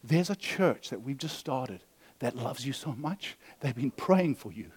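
A male pastor quoting a wide-eyed, naive evangelist friend in a hushed, earnest voice. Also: medium pitch, expressive, measured pace, husky, voice pushed down.

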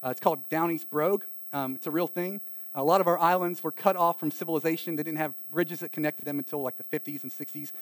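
A man from eastern North Carolina with a local accent, preaching a sermon in a conversational way, with lively asides and acted-out quotes. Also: a little high, quick pace, no room sound. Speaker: pastor.

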